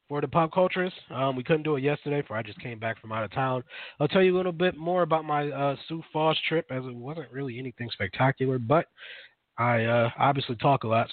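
A man's voice: mid-range voice, no room sound. A man co-hosting a casual radio show, rambling with lots of fillers and self-corrections. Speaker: podcast co-host. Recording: dry, phone-like narrow sound.

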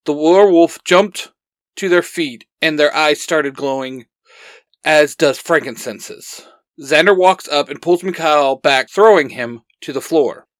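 Man, storyteller, reading fan fiction aloud, earnest, fairly high voice, dry close recording. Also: a little slow, no echo. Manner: earnest storytelling, acting out dialogue.

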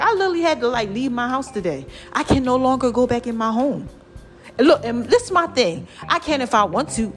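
A young woman talks straight to her viewers in a loose, animated vlog style. Her voice sits a little high for a woman, and she slips into a preachy, testifying tone. She keeps calling her audience y'all and child. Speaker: vlogger sharing a health testimony. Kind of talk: casual chat to viewers.

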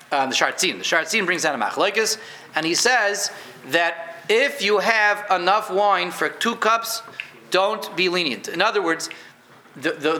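A man's voice: sits high, sharp tone, slight background noise. A man teaching a casual Jewish law class to a room of listeners, conversational, repeating words and quizzing them. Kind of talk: informal halacha class. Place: room with a live audience.

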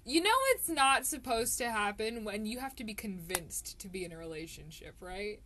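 A woman's voice: medium pitch, normal speed, pushed and bright. A young woman co-hosting a podcast, telling a story in casual chat, giggly and easily flustered. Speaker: podcast co-host. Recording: background noise.

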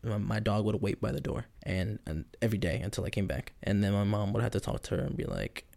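Gravelly young man telling a story. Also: on the low side, quick pace. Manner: rambling, animated, with frequent restarts. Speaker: podcast host. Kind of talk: casual storytelling monologue. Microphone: podcast mic at a home computer.

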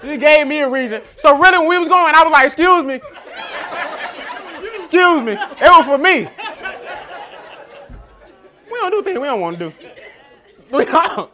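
A man giving a motivational keynote speech, telling stories with animated, emphatic repetition. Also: extremely high pitch, moderate pace, pauses often, a faint crowd. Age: adult father. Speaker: keynote speaker.

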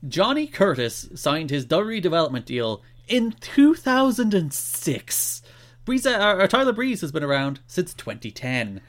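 Lively, animated male podcast co-host. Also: on the high side, a little slow. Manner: animated, exasperated ranting. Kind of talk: casual chat.

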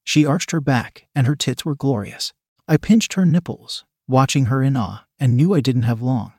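Quiet male storyteller, dry close sound. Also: mid-range voice, moderate pace, slightly rough, no echo. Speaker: narrator. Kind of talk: first-person story narration.

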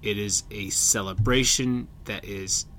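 A man's voice: on the low side, steady tone, a little slow, fairly bright tone, a little hiss or hum. A man co-hosting a podcast in casual chat, earnest and reflective, often restarting his sentences. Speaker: podcast co-host.

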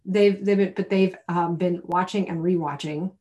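Chatty, animated woman podcast co-host. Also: lowish voice, normal speed. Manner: chatty, animated, laughs often. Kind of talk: casual chat.

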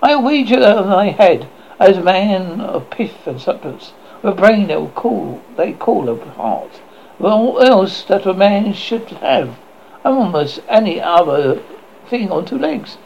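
A man putting on a doting old witch woman who cackles and fusses, her sharp high voice leaping wildly up and down. The voice is gravelly, and the recording sounds dull and lo-fi with a faint hiss. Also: sing-song, unhurried, exaggerated voice. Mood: gleeful.

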